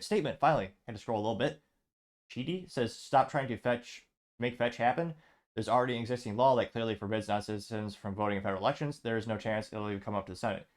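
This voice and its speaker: A man hosting a show, reading social media posts aloud and adding wry asides. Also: fairly low pitch. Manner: reads comments out, adds wry asides. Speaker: host.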